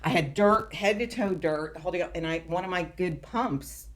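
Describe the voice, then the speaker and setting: A middle-aged woman on a political round table, telling a story in a casual, animated way and acting out what people said. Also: lowish voice, moderate pace. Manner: animated storyteller who acts out quotes.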